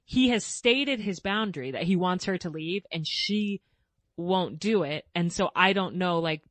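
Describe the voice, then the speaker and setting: A woman's voice: fairly low pitch, measured pace, no room sound. A woman hosting a podcast, chatting casually, asking questions and laughing easily. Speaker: podcast host. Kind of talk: casual interview chat.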